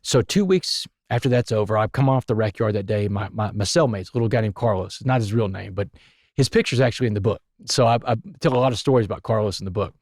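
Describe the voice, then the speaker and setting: A man, a podcast guest telling his story in an animated, emphatic way. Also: lowish voice, fast talker, no room sound, clean studio sound. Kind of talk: storytelling interview.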